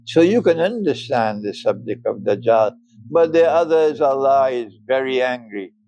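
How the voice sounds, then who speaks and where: An older man giving a religious lecture, emphatic and deliberate, often breaking into chuckles. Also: mid-range voice, a little mellow, rough recording. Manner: slow and deliberate, spelling out words. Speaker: Islamic scholar lecturing.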